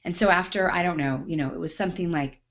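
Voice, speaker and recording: Animated woman host telling a story. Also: lowish voice, fast talker, highs cut off. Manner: emphatic, animated, swears mildly for emphasis. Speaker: business coach and show host. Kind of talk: personal storytelling to camera.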